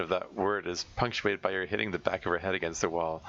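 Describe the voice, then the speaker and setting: Male let's play narrator reading a visual novel, low voice, steady with slight stumbles, dull lo-fi home recording. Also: brisk, hardly any pauses, slight background noise. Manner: steady first-person narration with small stumbles.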